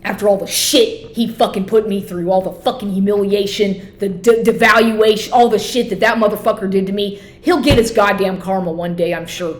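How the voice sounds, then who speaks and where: Woman vlogger, angry swearing rant, mid-pitched voice, echoey room. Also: brisk, few pauses. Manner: profane, heated and repetitive.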